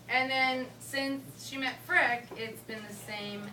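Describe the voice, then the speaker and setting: A young woman from Connecticut giving a casual, joking rehearsal dinner toast, rambling with playful slang and quick asides. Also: high-pitched, steady tone, a little hiss or hum. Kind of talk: casual joking speech to a crowd. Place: dinner hall with guests. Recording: roomy hall from a distance, loud crowd.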